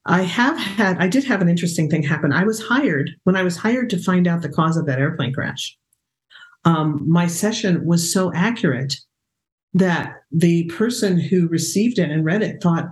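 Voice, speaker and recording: A woman's voice: on the low side, expressive, moderate pace. A middle-aged woman, a guest in an interview, telling stories in a loose, rambling way with many fillers and restarts. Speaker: guest, remote viewer. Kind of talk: conversational storytelling.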